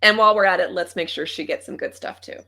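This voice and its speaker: An upbeat woman talks as a guest in a conversational interview. Her voice is bright and forward, and she laughs easily between points. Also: lowish voice, quick pace, gravelly. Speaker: podcast guest and coach.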